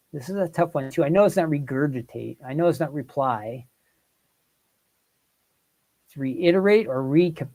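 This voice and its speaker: Guy hosting a live chat quiz, talks in a higher register, keeps asking the chat what they think. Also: a little mellow. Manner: thinks aloud, polls the chat. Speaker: livestream host.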